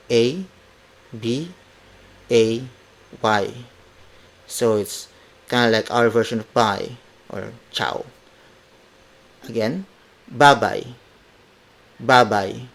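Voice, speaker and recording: A man with a medium-pitched voice teaches in an unhurried, measured way. He repeats each word again and again and spells it out letter by letter, like a patient tutor leading a drill. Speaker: podcast host teaching Tagalog. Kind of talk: slow language lesson with repeated drills. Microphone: podcast mic.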